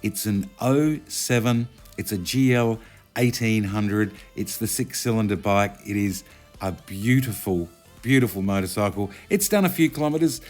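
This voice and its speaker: A man's voice: lowish voice, normal speed, darkish tone, soft background music. A man, chatting casually as he narrates a motorcycle review video. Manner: chatty, conversational, self-correcting.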